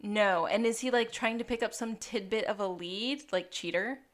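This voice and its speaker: A woman's voice: medium pitch, moderate pace. A woman co-hosting a podcast, recapping a TV episode in casual chat and laughing often. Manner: giggly, animated, laughs often. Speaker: podcast co-host.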